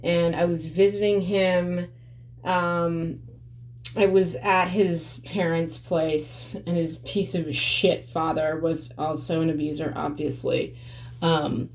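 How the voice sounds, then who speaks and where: A woman's voice: fairly low pitch, fairly even intonation, slow pace, slight background noise. A woman vlogging to camera in a blunt, profane, emphatic way, rambling with fillers. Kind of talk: casual monologue to camera.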